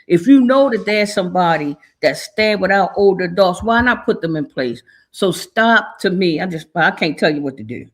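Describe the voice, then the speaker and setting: A woman's voice: fairly low pitch, expressive, normal speed, few pauses. Woman talk host, emotional and churchy, heartfelt community sign-off. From Maryland, USA. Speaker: show host. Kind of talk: casual talk show sign-off.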